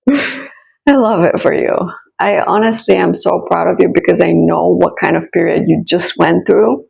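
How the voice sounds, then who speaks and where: Gravelly-voiced woman giving a gentle reading. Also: fairly low pitch, normal speed, rough recording. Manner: soothing, encouraging, repeats phrases; direct address to viewers. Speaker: psychic and spiritual coach. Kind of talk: casual channeled reading to camera.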